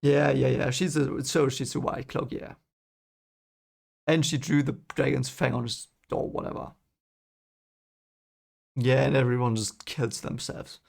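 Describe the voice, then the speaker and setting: A man's voice: medium pitch, steady tone, measured pace, creaky, long pauses, darkish tone, breathy edge. Emotional man reacting to a book. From Germany. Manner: emotional, reactive, swears and apologizes. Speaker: channel host reading a book aloud. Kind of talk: first-time reading reaction.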